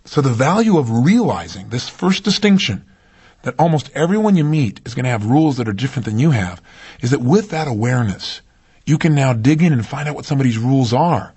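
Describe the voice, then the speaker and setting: A man giving a motivational seminar talk, animated and full of rhetorical questions to his audience. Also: mid-range voice, brisk, husky. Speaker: motivational speaker.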